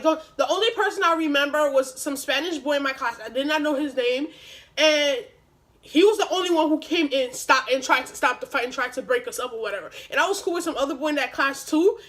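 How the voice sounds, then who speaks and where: High-pitched young woman, storytime vlogger, animated, profane and slangy. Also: rough recording. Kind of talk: casual storytime.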